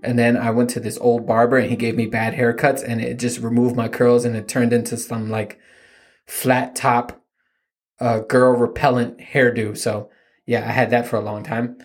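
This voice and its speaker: A man's voice: mid-range voice, little pitch movement, moderate pace. A man in his thirties hosting a podcast, telling rambling, self-mocking stories about his kids in a casual, profane, joking way. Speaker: podcast host. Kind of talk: casual comedic storytelling.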